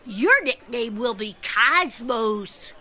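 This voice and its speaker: A woman's voice: on the high side, expressive, sharp tone, full character voice. A woman voicing a self-satisfied, nerdy schoolboy who talks smugly. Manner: smug, slow and deliberate. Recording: noisy clip from a TV show.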